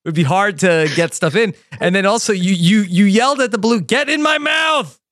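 A man's voice: sits high, brisk, no echo, studio quality. A man hosting an interview, asking questions in a playful, casual way. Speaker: interviewer, podcast host.

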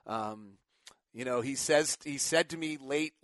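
A man's voice: mid-range voice, unhurried, fairly bright tone, dry recording. A middle-aged man hosting a casual sports talk show, a rambling storyteller who keeps correcting himself, tired after little sleep.

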